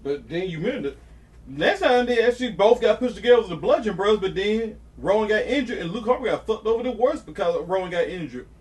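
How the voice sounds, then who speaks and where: Joking podcast co-host, a man with a high voice, slangy and laughing. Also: lively intonation, fast, a little mellow, far from the mic. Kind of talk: casual chat.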